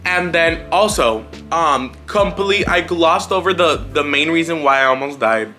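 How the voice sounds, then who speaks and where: A man talks straight to camera in a relaxed storytime vlog, candid and a little wry, with the odd curse and laugh. His voice sits fairly high and sounds bright and forward. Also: a little slow, soft background music. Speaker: vlogger. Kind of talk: casual storytime monologue.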